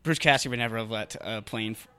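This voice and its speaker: A man's voice: fairly low pitch, quick pace, pushed and bright, smooth. Rambling, hesitant podcast co-host man. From New England. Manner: rambling, hesitant, full of likes and restarts. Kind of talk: casual podcast banter.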